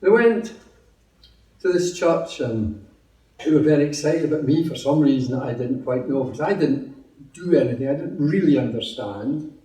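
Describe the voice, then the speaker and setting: A man's voice: fairly high pitch, expressive, moderate pace, dark tone, reverberant, recorded from a distance, poor audio. A Scottish man giving a personal testimony at a meeting, telling his story in a chatty, humorous way. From Scotland. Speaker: testimony speaker.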